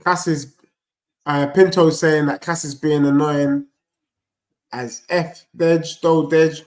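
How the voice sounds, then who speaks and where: Brief: high-pitched lad, live watchalong host, rowdy banter, roomy echo. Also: male voice, slow pace. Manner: animated banter, shouting at goals, teasing chat. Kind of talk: live football watchalong reacting to chat.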